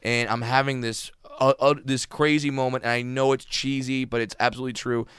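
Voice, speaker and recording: A man, a comedian guest, telling stories in a casual interview, animated and laughing, acting out other people's voices. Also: medium pitch, fairly quick, smooth, no room sound, studio quality.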